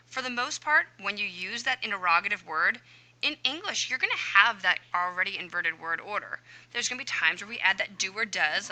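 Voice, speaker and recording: A woman Spanish teacher walks students through an answer key, narrating each step aloud in a chatty, self-talking way. Her voice is very bright and crisp, pitched in a middle range for a woman. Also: low-quality recording. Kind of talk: explaining a homework answer key.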